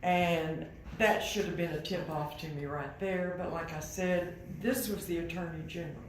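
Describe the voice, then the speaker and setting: An older woman giving a quiet, measured personal testimony as guest speaker at a university. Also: on the low side, fairly even intonation, echoey room, a little hiss or hum, rough recording. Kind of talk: personal testimony to a live audience. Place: university hall.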